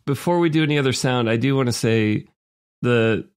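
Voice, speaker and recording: A man's voice: mid-range voice, fairly quick, clean tone. A man co-hosting a casual podcast about video games, rambling with jokey asides. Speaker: podcast co-host.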